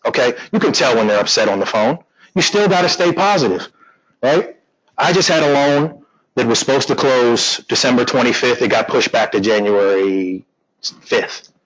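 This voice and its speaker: A man teaching a real estate class, animated and joking, acting out conversations with clients. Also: medium pitch, husky, dull audio. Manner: animated, joking, acts out quotes. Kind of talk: classroom training talk.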